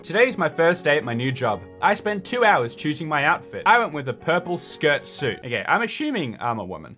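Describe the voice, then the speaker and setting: A man playing through a story game, reading its text aloud and mocking it with sarcastic commentary. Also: on the high side. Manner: sarcastic, animated, mocking the script. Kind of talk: let's play commentary.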